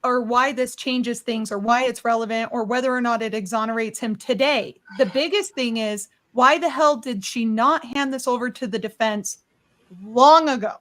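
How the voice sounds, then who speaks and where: A woman's voice: a little high, moderate pace, fairly bright tone. A woman on a live legal panel who argues emphatically, pressing pointed questions. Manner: emphatic, rising indignation in questions. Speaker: lawyer panelist.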